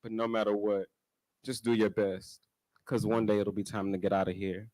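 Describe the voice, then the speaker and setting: A man's voice: fairly low pitch, little pitch movement, moderate pace, mellow, no echo, poor audio. A man performing his first spoken-word poem at a live open mic, nervous and self-joking between lines, rhythmic and swelling as he reads. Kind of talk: spoken word poetry reading. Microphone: stage microphone.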